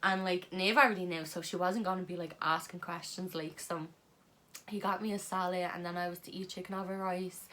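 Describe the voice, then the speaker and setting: A woman's voice: fairly low pitch, fairly even intonation, brisk, sharp tone. A young woman telling a story in a casual vlog chat, blunt and swearing freely. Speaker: vlog co-host.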